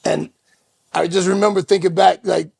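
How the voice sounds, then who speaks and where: A man with a high, gravelly voice tells a story in loose podcast chat. He slips into other people's voices as he goes. The sound is close and dry. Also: moderate pace, dry recording. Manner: animated storyteller, acts out voices. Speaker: co-host.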